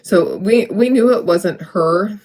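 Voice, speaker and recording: A woman's voice: medium pitch, slow, darkish tone. Chatty woman hosting a craft stream. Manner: chatty and emotional, with many restarts. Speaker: craft channel host. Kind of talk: casual livestream chat while crafting.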